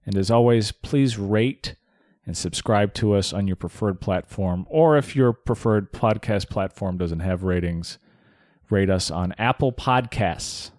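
A man's voice: lowish voice, unhurried, darkish tone, dry recording. A man in his late thirties co-hosting a casual podcast in a dry, sardonic way. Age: 30s. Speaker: podcast co-host.

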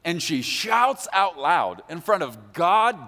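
A man preaching a sermon as pastor, animated and joking, acting out quotes in a large church. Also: on the high side, slow pace. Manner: animated, jokey, acts out quotes. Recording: long hall reverb.

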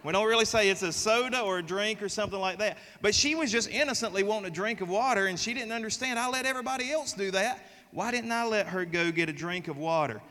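A man with a Southern US accent preaching a sermon, telling folksy stories in an animated way. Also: sits high, fast, few pauses, big-room sound. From American South. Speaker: pastor.

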